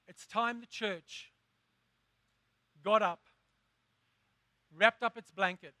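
A man preaching a sermon as pastor, impassioned, drawing out words slowly for emphasis and rising to shouts. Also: sits high, no echo.

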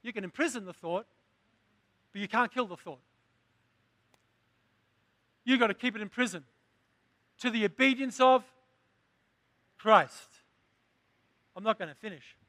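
A man's voice: sits high, unhurried, long pauses, pushed and bright, no echo. A man preaching a sermon, asking the congregation questions and building to emphatic lines. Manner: call-and-response preaching, rising to emphatic.

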